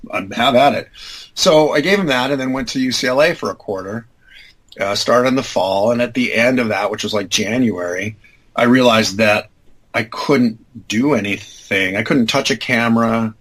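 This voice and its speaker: At a moderate pace, a man in his fifties shares a long story as an interview guest, relaxed and meandering, with frequent fillers and self-corrections. He performs the quoted dialogue in sudden high-pitched voices, with big pitch jumps. The audio quality is low.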